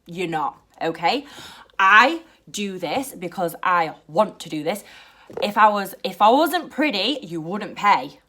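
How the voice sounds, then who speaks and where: A young British woman chatting to camera in a blunt, profane and animated way. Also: mid-range voice, slow. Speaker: vlogger. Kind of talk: casual to-camera chat.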